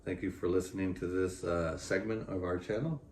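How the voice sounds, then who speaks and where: A man's voice: low-pitched, steady tone, fairly quick, a little mellow, recorded from a distance. A man vlogging with his partner about their pregnancy, talking in a heartfelt, rambling way with lots of fillers. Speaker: vlogger, expecting father. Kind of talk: casual couple vlog talk. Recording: echoey room, voice from off the mic, faint room noise.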